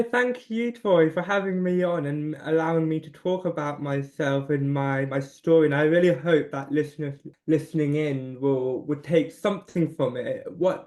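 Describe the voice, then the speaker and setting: A man of about twenty, a podcast guest, talking casually in a chatty, self-deprecating way with quick restarts. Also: a little high, a little mellow. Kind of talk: casual chat.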